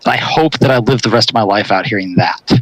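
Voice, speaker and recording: A man's voice: fairly low pitch, quick pace, a bit bright, poor audio. A young American man chatting casually, rambling through history in a wry, joking manner. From United States. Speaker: co-host. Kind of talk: casual chat.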